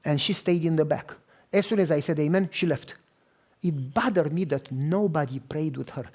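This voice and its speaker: A man's voice: fairly high pitch, moderate pace. A man from Romania, a pastor telling a story in a sermon and acting out the dialogue. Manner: animated, acts out dialogue.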